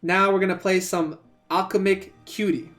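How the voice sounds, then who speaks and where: A man streaming a video game, talking casually and rambling, repeating words and breaking into excitable outbursts. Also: sits high, moderate pace, soft background music. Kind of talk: casual let's-play commentary.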